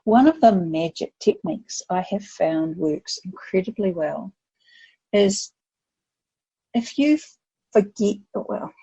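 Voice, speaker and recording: A grandmotherly older woman with a gravelly, husky voice tells stories in an animated way, slipping into playful voices. The sound is dry and a little dull. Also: mid-range voice, takes it slowly, pauses often, dry recording. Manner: animated storytelling, acts out voices. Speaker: guest expert. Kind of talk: podcast conversation.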